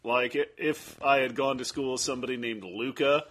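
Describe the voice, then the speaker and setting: A man's voice: mid-range voice, steady tone, fairly quick, a bit bright. A man hosting a comedy podcast, cracking dry, teasing quips at his guests. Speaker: podcast host. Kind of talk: casual comedic chat.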